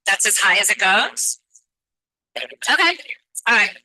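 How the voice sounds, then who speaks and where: A woman's voice: mid-range voice, sing-song, slow, sharp tone, dry recording, rough recording. A woman giving public comment as a parent at a meeting, speaking urgently and confrontationally into a meeting microphone. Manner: urgent, confrontational, pointed questions. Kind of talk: impassioned public testimony.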